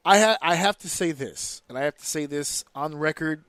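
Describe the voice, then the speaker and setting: A man co-hosting a casual wrestling podcast, talking in an animated, profane and opinionated way. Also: on the high side, normal speed, dry recording. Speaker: podcast co-host.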